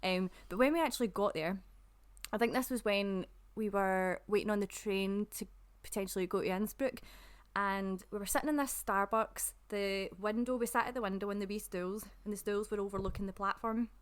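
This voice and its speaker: Lively Scottish woman telling stories. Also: mid-range voice, a little fast. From Scotland. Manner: animated storyteller, laughs often, acts out quotes. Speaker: podcast co-host. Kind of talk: casual chat.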